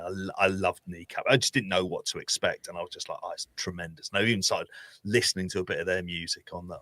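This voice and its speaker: A deep-voiced man from Ireland chats on a podcast, blunt and sweary, tossing in laughing asides. His voice is low yet bright and forceful, recorded close and dry with no room sound. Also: dry recording. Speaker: podcast co-host. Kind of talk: casual chat.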